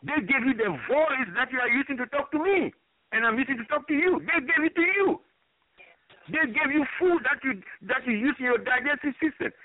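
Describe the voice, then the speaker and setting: High-voiced man lecturing over the phone. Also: brisk. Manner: emphatic, lecturing, repeats for effect. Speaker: guest expert. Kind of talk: call-in radio talk. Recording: dry tinny phone line.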